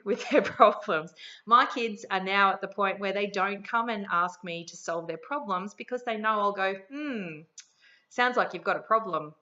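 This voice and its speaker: Bright Australian mum giving parenting advice. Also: female voice, medium pitch, muffled recording. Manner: friendly, conversational, practical. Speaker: parenting educator. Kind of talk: promotional talk to camera.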